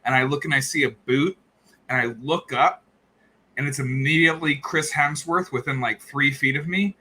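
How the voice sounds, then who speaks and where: Bright, chatty male podcast host. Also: on the high side, fairly even intonation, normal speed. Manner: rambling, laughs often, many fillers and restarts. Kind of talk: casual chat.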